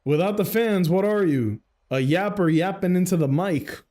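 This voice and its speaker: A man's voice: high-pitched, expressive, normal speed, mellow. A young man ranting casually on a livestream, slangy and laughing often.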